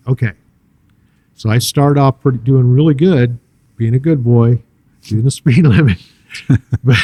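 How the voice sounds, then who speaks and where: An older man sharing a personal testimony in an interview, telling his story in an earnest, halting way with many fillers and restarts. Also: medium pitch, mellow, no room sound. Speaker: church guest sharing a testimony.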